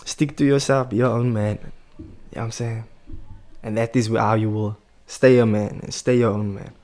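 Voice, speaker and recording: A man's voice: lowish voice, fairly even intonation, normal speed, darkish tone. A man hosting a reaction video, talking casually and opinionated, laughing often between remarks.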